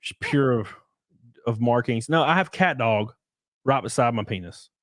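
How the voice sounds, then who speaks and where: Playful young man with a lively voice. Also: mid-range voice, moderate pace, no echo. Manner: joking, playful, teasing. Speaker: streamer and podcast host. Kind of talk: casual chat.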